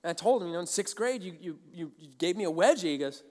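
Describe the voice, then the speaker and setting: High-voiced man preaching in echoing hall. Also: rapid-fire. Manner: animated storytelling, acts out both sides of conversations. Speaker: pastor. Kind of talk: sermon. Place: large church auditorium.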